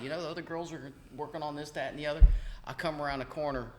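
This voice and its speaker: A man's voice: on the high side, fairly even intonation, fast talker, noisy background. A man co-hosting a podcast, telling a work story in casual chat with lots of "right?" checks. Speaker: podcast co-host.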